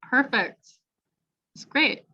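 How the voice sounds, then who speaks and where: An American woman teaching an online pronunciation workshop, encouraging and explaining clearly with examples. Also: slow pace, sharp tone. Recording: dull lo-fi video call audio.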